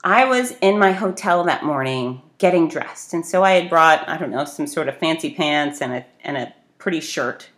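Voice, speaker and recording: A woman telling a casual, self-deprecating story, lively and animated, acting out people in it with big jumps in pitch. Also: moderate pace, hardly any pauses. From grew up on the beach. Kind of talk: casual anecdote.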